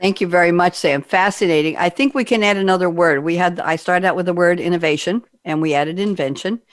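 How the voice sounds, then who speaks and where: A woman's voice: on the low side, brisk, no room sound, studio quality. A woman hosting a radio panel show, upbeat and gushing, leading her guests with questions.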